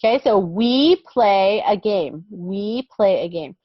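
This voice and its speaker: A young woman teaching English words to small children in a slow, patient, sing-song way, often checking with "okay?". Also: medium pitch, lively intonation, no room sound. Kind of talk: online vocabulary lesson for young children. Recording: dull lo-fi sound.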